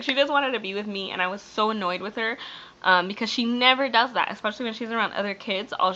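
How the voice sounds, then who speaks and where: A young woman speaks to camera in a bright, sharp voice, near tears as she rambles through a personal story. Her talk is full of fillers, restarts and breaks. The sound is dull and lo-fi, as from a webcam. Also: mid-range voice. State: teary, near crying. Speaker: vlogger.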